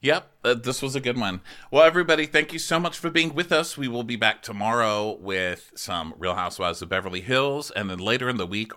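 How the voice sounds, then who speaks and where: A man's voice: mid-range voice, pushed and bright. A man co-hosting a podcast, recapping a reality show in casual, snarky chat and jumping into exaggerated voices for quotes. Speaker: podcast co-host.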